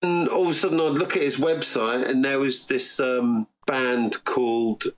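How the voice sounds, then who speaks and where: A man's voice: medium pitch, steady tone, moderate pace, rough recording. A man, a podcast guest, telling long casual stories with many restarts and acting out what others said to him. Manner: rambling anecdotes, acts out quoted dialogue. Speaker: podcast guest, recording engineer. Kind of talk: casual storytelling interview.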